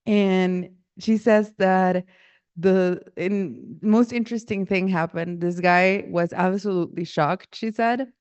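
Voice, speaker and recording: Smooth low woman storytelling. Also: slow, darkish tone, dry recording. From Guatemala. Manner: rambling, self-correcting, acts out quoted voices. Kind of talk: casual personal storytelling. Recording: dull lo-fi audio.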